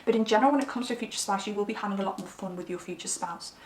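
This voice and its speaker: A young woman giving a casual tarot reading to camera, rambling and animated as she tells stories. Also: medium pitch, racing, a little hiss or hum. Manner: chatty, rambling, animated storytelling. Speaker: tarot reader. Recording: roomy, slightly distant mic.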